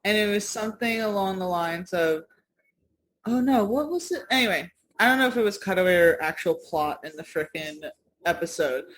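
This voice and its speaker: A woman's voice: medium pitch, animated, moderate pace. Woman co-host, chatty and rambling, easy laughter, light hiss behind her. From United States. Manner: rambling, laughs often, swears casually. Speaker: podcast co-host. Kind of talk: casual chat.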